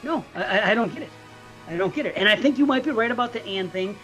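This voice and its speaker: A woman's voice: fairly high pitch, lively intonation, fast talker, fairly bright tone, soft background music. A woman co-hosting a podcast in casual chat, blunt and swearing freely, laughing often. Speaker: podcast co-host.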